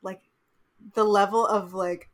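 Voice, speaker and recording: A woman's voice: mid-range voice, steady tone. Slangy woman chiming in on a podcast. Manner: slangy, chiming in with quick agreement. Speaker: podcast co-host. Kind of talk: casual movie recap chat.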